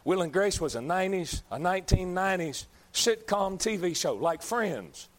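Man in the pulpit, high-pitched, fiery, repeats himself, builds to shouting. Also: animated, normal speed. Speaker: preacher. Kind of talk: fiery sermon.

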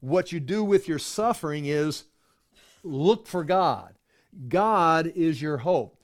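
A man's voice: fairly high pitch, takes it slowly. Man teaching a Bible study, conversational. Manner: conversational, repeats words, animated bursts when acting out pain. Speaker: pastor.

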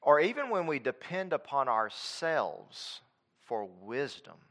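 A man preaching a sermon with emphatic, repetitive phrasing, dropping into quiet conversational asides. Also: medium pitch, very animated, takes it slowly.

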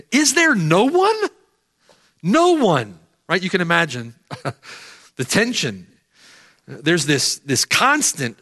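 A man's voice: high-pitched, sharp tone. A middle-aged man preaching a sermon emphatically, repeating phrases for weight. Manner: emphatic, repeats phrases, rises and falls sharply.

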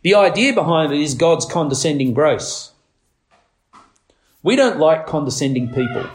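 A man preaching a sermon, leaning on words slowly for emphasis and climbing to urgent, raised passages. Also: animated. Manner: preaching with slow emphatic stresses, rising to urgent highs.

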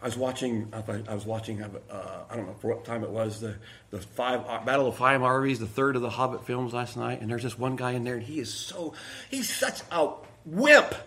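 A man preaching a sermon as pastor, animated and acting out the quotations he reads. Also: mid-range voice, quick pace. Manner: animated, acts out quotations with sudden swings in voice.

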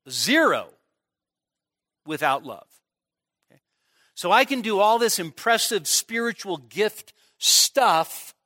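Slow, bright-voiced male pastor preaching. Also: fairly high pitch, no room sound, clean studio sound. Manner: conversational, checks in with the congregation. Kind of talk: expository sermon. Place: church midweek service.

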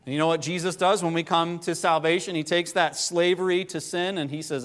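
A man preaching a sermon, rising to impassioned pleas and dropping to quiet, low emphasis. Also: steady tone, brisk, few pauses. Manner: rises to impassioned pleading, then drops low. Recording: long hall reverb.

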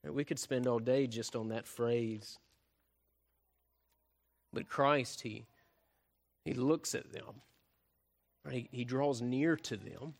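A man's voice: medium pitch, slow, gravelly, long pauses. Man preaching with rising, falling intensity. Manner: frequent tag questions "right?", swells louder then drops soft. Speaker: pastor. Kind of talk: sermon.

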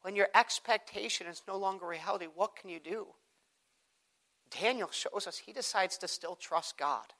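A man, a pastor and father, preaching a sermon and praying, swinging from hushed prayer to loud, high emphasis. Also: moderate pace, poor audio. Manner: rises to loud, high preaching, then drops to soft prayerful tones.

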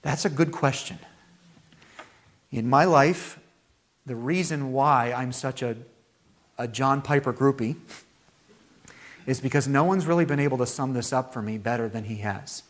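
A man preaching a sermon as pastor, with animated delivery that climbs to high, emphatic peaks. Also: unhurried, long pauses.

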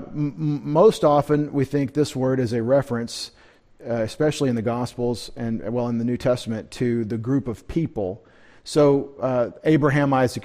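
A male pastor teaches scripture at a midweek service in a loose, conversational way. He wanders into asides and restarts his sentences as he goes. His voice sits at a medium pitch. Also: darkish tone. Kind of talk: midweek Bible teaching sermon.

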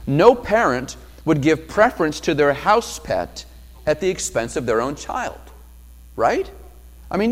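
A man preaching with a high, lively voice that rises and falls widely, and he often asks the congregation questions. He acts out quoted speech and swells suddenly louder. His words ring out in a church sanctuary with long reverb. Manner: expository preaching with rhetorical questions. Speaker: pastor. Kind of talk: sermon.

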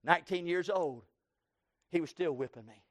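A pastor from Texas with a Southern US accent, preaching an impassioned sermon that swings from loud cries to hushed tones. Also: male voice, on the high side, lively intonation, moderate pace, dry recording, clean studio sound. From Texas, USA. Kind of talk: sermon with altar call.

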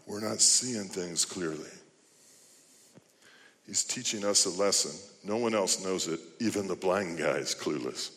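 A man's voice: sits low, measured pace, a bit bright. Man preaching in a reverberant hall. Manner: rhetorical questioning, rising to emphatic appeals. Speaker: pastor. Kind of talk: sermon.

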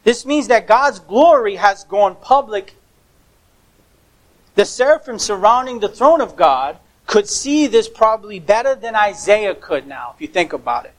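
High-voiced man preaching emphatically. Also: low-quality recording. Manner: emphatic, repeats words for stress, occasional stumbles. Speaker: pastor. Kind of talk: sermon.

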